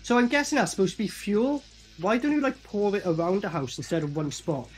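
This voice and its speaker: A film reviewer giving casual, profane reaction commentary and acting out characters in quick asides. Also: medium pitch, loud music behind the voice.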